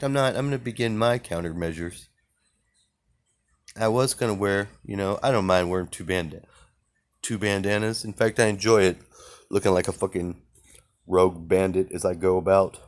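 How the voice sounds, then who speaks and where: A man delivering a rambling, profane, defiant rant about strange experiences and his contempt for the mainstream. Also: sits low. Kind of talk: ranting monologue.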